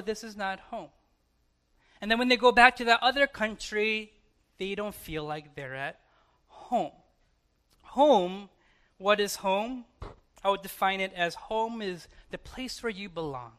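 American male pastor, 30s, clear high voice, casual sermon delivery with pauses. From United States. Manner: conversational preaching with dramatic pauses and soft asides. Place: church.

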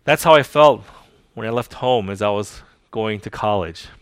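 A man, a pastor, preaching a sermon emphatically, repeating key lines and swinging between loud declarations and hushed, slow phrases. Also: fairly low pitch, clean tone, no room sound.

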